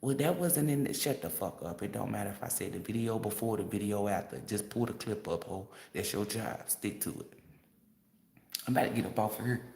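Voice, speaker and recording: A man's voice: fairly low pitch, fairly quick, vocal fry, a little mellow. A man in a roomy, echoing space, talking in a brash, cussing manner. He reads tarot on a casual stream and laughs a lot as he rants. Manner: brash, profane, laughing often. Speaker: tarot reader. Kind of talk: casual livestream rant. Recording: roomy echo.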